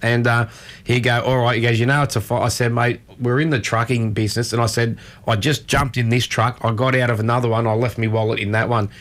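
A man's voice: medium pitch, little pitch movement, fast, a bit bright. An Australian man in his thirties co-hosting a radio show, telling long rambling anecdotes in casual chat with many restarts. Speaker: radio co-host.

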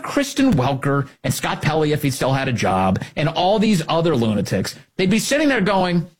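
A man's voice: on the high side, wildly swooping pitch, normal speed, few pauses. A man hosting a political commentary show, ranting in a sarcastic, heated manner. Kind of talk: opinion show monologue.

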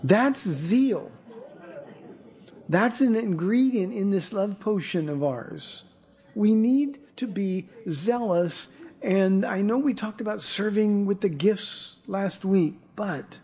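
Warm, husky-voiced pastor preaching. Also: male voice, high-pitched, lively intonation, slow pace. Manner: earnest, repeats words when starting a thought. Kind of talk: sermon. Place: church.

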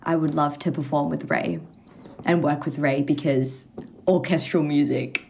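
A woman with a low voice and an Australian accent touched by English vowels chats as a guest on a music podcast. She laughs often and talks in a loose, relaxed way. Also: a little slow, gravelly, a little hiss or hum. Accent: Australian, slightly anglicised. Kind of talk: casual interview chat.

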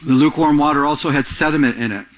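A man preaching a sermon, animated, acting out quotes in a raised voice and often restarting his phrases. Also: on the high side, racing. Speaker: pastor.

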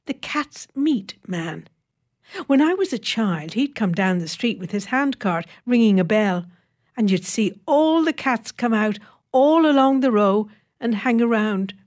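A woman's voice: fairly high pitch, lively intonation, measured pace, darkish tone. A woman voicing a chatty, practical older housewife who rambles homely memories.

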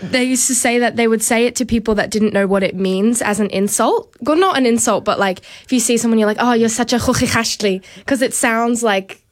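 Teen girl guest on morning radio, giggly, slightly high voice. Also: fairly quick. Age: teens. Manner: giggly, explaining with a laugh. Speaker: work experience student guest. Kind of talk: casual radio chat.

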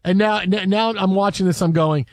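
A man hosting a casual sports chat, animated and rambling with restarts. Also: high voice, moderate pace, no echo. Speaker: sports podcast host.

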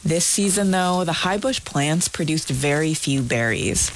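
A woman narrates a radio feature story with a lively, storytelling delivery. Her pitch rises and falls a great deal. A faint noise sits under the voice. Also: measured pace. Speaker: radio reporter.

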